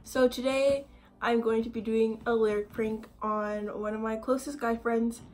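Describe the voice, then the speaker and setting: A woman's voice: on the high side, steady tone, normal speed, darkish tone, faint music behind. Giggly, nervous young woman vlogger. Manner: nervous and giggly, many "like" fillers. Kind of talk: casual vlog talk.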